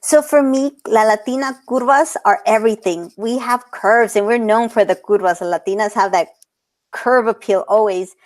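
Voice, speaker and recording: A woman's voice: a little high, moderate pace. A woman in her thirties, a portrait photographer talking as an interview guest. She speaks earnestly, laughs often and drops Spanish words into her English. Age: 30s. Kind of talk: casual interview talk.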